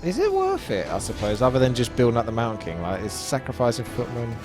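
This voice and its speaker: A man's voice: medium pitch, wildly swooping pitch, quick pace, over music. A man co-commentating a strategy game match in a casual, joking and teasing way. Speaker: esports co-commentator.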